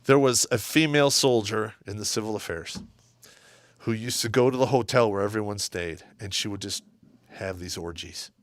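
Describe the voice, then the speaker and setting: A middle-aged man telling stories as a podcast co-host, swinging between loud bursts and low mutters and laughing often. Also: normal speed, dry recording, clean studio sound. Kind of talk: casual storytelling.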